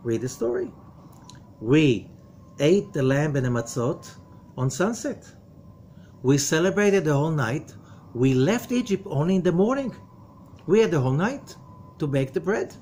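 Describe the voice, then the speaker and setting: Male rabbi-teacher, a touch high-pitched, emphatic lecturer who questions the room and hushes for warnings. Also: expressive, moderate pace, pauses often, slight background noise. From from outside America. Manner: emphatic, full of rhetorical questions; drops to a low, quiet voice for warnings. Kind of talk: lecture to a study group.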